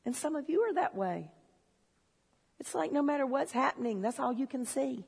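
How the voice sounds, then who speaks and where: A woman preaching a sermon in a church, telling stories and swinging from low, confiding talk to shouted excitement. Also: normal speed, creaky, breathy edge. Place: church hall. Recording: long hall reverb.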